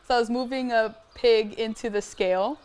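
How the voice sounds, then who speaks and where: A woman's voice: a little high, normal speed, clear, resonant tone. A young woman from Hawaii, a pig farmer telling stories casually and animatedly on a farm tour. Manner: animated, lots of "like", acts out sounds. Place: outdoors on a farm.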